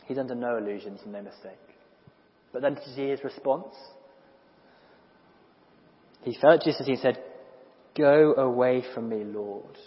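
Animated preacher in an echoing church. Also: male voice, mid-range voice. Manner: animated and conversational, with small restarts and quick asides. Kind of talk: sermon. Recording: dull lo-fi recording in a reverberant church hall.

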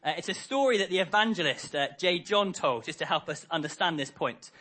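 A man's voice: high voice, lively intonation, brisk, sharp tone. A man preaching a harvest sermon, telling a story and acting out the characters' lines.

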